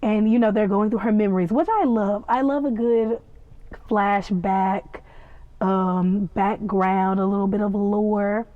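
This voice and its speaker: Woman podcast host, chatty gushing recapper, slow delivery, dry close sound. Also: mid-range voice, no echo. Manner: gushing, chatty, playful asides. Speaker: podcast host reviewing a TV episode. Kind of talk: casual recap and reaction. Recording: tinny phone-like sound, dry.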